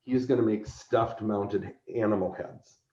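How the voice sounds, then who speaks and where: This man has a fairly low voice and keeps a moderate pace as he's interviewed about organizing conventions. He's an animated storyteller who performs the characters he describes, and the casual podcast is captured in a roomy, somewhat dull recording.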